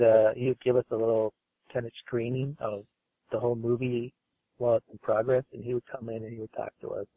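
A man's voice: mid-range voice, level tone, fast, dry recording. A man guesting on a podcast, talking loosely about his studio job with lots of fillers and restarts. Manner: rambling, filler-heavy, easygoing. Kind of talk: casual interview chat. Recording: phone-like call audio.

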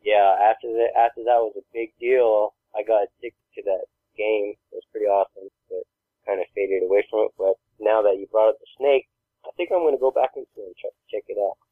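A man's voice: on the low side, fairly even intonation, a little fast, no room sound. A man co-hosting a podcast, telling funny stories in a laid-back way, often laughing. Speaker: podcast co-host. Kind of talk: casual chat. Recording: dry tinny phone-like sound.

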